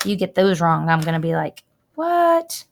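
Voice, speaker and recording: A woman's voice: deep voice, steady tone, brisk, vocal fry, a little hiss or hum. A woman teacher giving a chatty, emphatic writing lesson to students while recording her screen, drawing out words as she demonstrates.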